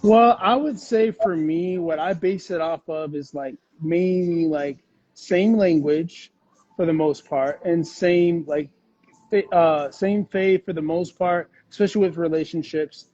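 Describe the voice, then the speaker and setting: A man's voice: fairly high pitch, unhurried, dark tone, dry recording, dull audio. A man talking as an interview guest, rambling with fillers and restarts in casual conversation. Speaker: podcast guest.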